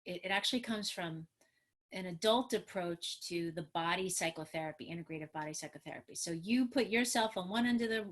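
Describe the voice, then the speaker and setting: A middle-aged woman, a trauma therapist, giving an animated, emphatic webinar talk on a video call and acting out what parents and children say. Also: fairly low pitch, fairly quick. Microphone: computer mic on a video call.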